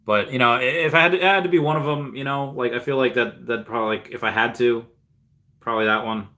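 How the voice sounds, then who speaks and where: Rambling man with a bright voice. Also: medium pitch, steady tone, fast talker. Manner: rambling, full of fillers and restarts; reads viewer messages aloud and replies. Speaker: streamer answering live chat. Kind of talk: casual livestream chat.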